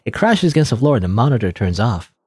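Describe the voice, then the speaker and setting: Husky man narrating a story game. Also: mid-range voice, sing-song, quick pace, darkish tone, dry recording. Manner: dramatic reading, joking asides, laughs at own slips. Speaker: let's play host. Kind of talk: reading a story game aloud with asides.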